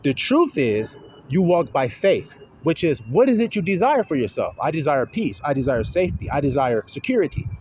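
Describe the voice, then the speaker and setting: A man's voice: on the high side, very animated, moderate pace, a little mellow, slight background noise. A man preaching outdoors in a confrontational, profane way, firing rhetorical questions while walking. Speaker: self-styled religious teacher. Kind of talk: street preaching monologue.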